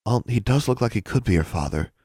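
A man's voice: fairly low pitch, animated, fast talker, a little mellow, breathy edge, dry recording, studio quality, voice pushed up. Man doing a nervous young schoolgirl witch. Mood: anxious. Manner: nervous, pleading.

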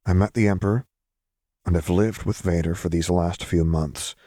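A man reading a determined young hero, quiet and earnest. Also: sits low, steady tone, normal speed, dry recording, studio quality. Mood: earnest, firm. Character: determined, sincere young man, tired but firm.

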